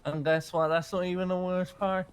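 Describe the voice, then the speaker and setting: A man's voice: high-pitched, little pitch movement, normal speed, clear, resonant tone. A man doing a put-on Irish accent while roleplaying in character, stammering and earnest, often ending lines with tag questions. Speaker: roleplay player.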